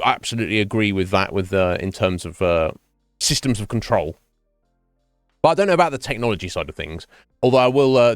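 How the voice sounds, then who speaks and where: Streaming a game from his home setup, a man chats casually with viewers, musing aloud with plenty of fillers and restarts. His voice is fairly low and fairly bright, captured dry on a close mic with no echo and faint game music behind.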